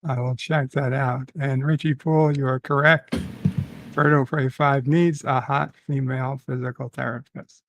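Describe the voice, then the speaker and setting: A man chatting on a live stream as a guest, halting and searching for his words. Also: mid-range voice, little pitch movement, fairly bright tone, a little hiss or hum, poor audio. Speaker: co-host guest. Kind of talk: casual live-stream chat.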